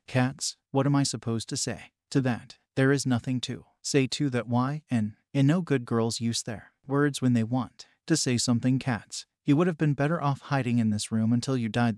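Guy reading a fanfic story out, flat even delivery, mid pitch, dry sound. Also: dry recording. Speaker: narrator. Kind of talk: scripted fan fiction reading.

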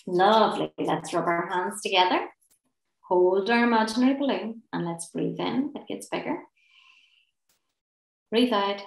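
A woman's voice: medium pitch, measured pace, gravelly, long pauses, roomy sound, rough recording. A woman leading a guided laughter and relaxation class, playful and encouraging, often giggling between instructions. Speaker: laughter and relaxation session leader.

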